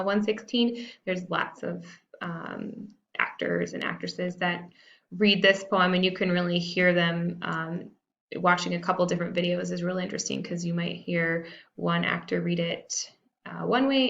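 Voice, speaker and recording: A woman teacher explains a lesson in a casual, self-deprecating manner, her low voice gravelly with fry. The sound is dull and lo-fi, like a computer mic on a screen recording. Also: fairly bright tone. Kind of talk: recorded classroom lesson walkthrough.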